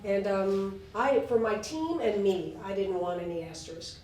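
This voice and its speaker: A woman in her sixties, a guest telling stories at a live talk, animated and laughing, with fillers and restarts. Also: mid-range voice, normal speed, a little hiss or hum. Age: 60s. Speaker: interview guest. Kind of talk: lively storytelling on stage. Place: live event hall. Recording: echoey room, voice from far off.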